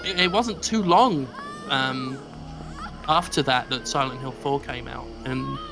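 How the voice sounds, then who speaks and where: A man's voice: mid-range voice, measured pace, vocal fry, over music. A young English man chatting casually as a stream guest, rambling and self-deprecating with many restarts. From England.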